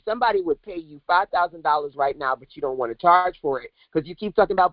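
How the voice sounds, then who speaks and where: A woman's voice: fairly low pitch, quick pace, hardly any pauses, no echo, dull audio. Fiery woman coach preaching to her chat. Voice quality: animated, preachy, talks straight to the chat. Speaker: business coach. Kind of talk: livestream coaching talk.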